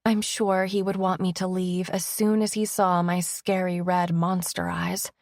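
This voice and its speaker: A woman's voice: lowish voice, level tone, a little slow, creaky, a little mellow, no room sound, clean studio sound. A woman narrating a first-person romance audiobook in an emotive, intimate reading.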